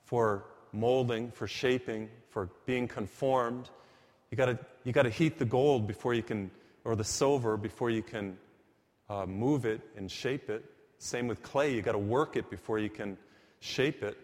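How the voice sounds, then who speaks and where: A man's voice: mid-range voice, measured pace. A man preaching a sermon in a church, emphatic and storytelling, shifting his pace for effect. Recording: reverberant church hall.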